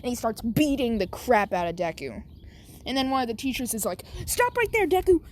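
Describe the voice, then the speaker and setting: A woman's voice: a little high, brisk, a little hiss or hum. A woman casually making up and narrating a fan story, rambling with lots of fillers and restarts.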